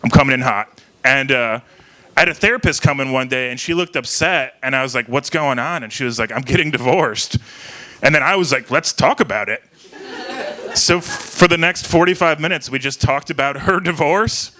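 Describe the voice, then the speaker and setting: A young man from Ohio doing an open mic stand-up set, rambling and halting, laughing at his own jokes. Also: medium pitch, pushed and bright. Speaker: stand-up comedian. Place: small bar venue with live crowd.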